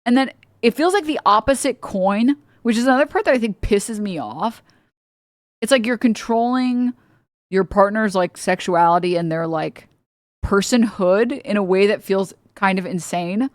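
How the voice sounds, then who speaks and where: A woman streamer rants in loose, casual commentary, swearing freely and dripping with sarcasm. She rambles and circles back with plenty of filler words. Her voice sits at a middling pitch and sounds dry and close, with no room around it. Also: moderate pace, no echo. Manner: blunt, profane and sarcastic; rambling with many filler likes.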